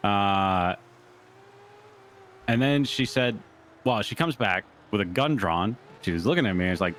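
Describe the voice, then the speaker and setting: A man's voice: on the low side, expressive, moderate pace, pauses often, fairly bright tone, slight background noise. A man in a roleplay game, recounting events in a rambling way full of fillers. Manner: rambling, lots of likes and uhs. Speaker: roleplay player.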